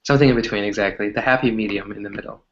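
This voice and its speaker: A man tutoring English in a relaxed, chatty conversation, explaining with lots of examples. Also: fairly low pitch, racing, lo-fi sound. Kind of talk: casual conversation lesson.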